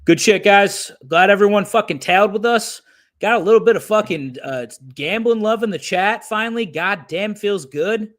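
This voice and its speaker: A man's voice: high-pitched, normal speed, fairly bright tone. A man co-hosting a sports betting livestream, brash and profane in casual chat.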